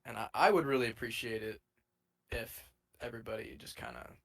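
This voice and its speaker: A man's voice: mid-range voice, a little fast, vocal fry, fairly bright tone, low-quality recording. A young man co-hosting a casual podcast, joking and rambling with many hesitations. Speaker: podcast co-host.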